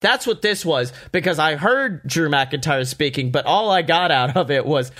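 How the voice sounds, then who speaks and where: A man hosting a casual podcast, talking excitedly and profanely with lots of laughter and mock quotes. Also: a little high, moderate pace. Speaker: podcast host. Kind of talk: casual wrestling podcast chat.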